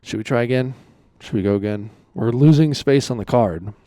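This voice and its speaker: A man hosting a podcast talks in a loose, rambling way and swears freely as he goes. His voice is smooth and clear, and the sound is dry and close, with no room echo. His pitch sits in an ordinary middle range. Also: moderate pace, dark tone. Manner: frustrated, rambling, swears often. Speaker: podcast host. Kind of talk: casual podcast monologue.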